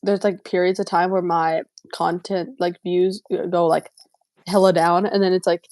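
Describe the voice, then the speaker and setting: A woman's voice: on the low side, level tone, normal speed, darkish tone, dry recording. Giggly young woman chatting with a friend. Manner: chatty, filler-heavy and giggly. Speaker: guest friend. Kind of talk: casual chat.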